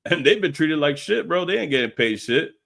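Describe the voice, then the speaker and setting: A man's voice: fairly high pitch, big pitch swings, brisk, vocal fry, a bit bright. Profane laughing man streaming live. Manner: profane, slangy, laughs a lot. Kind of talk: casual live stream commentary.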